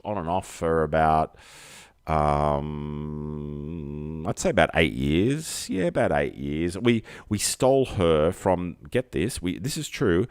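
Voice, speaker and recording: Man, low voice, rambling livestream comedy host, dry room. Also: darkish tone, no room sound. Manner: rambling, self-mocking, jokey asides. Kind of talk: rambling comic monologue.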